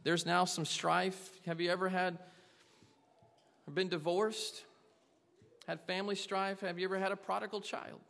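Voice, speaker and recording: A man's voice: high voice, level tone, a little slow, vocal fry, pauses often, a bit bright, long reverb tail. A man preaching a sermon to a congregation, earnestly asking them question after question. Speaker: pastor.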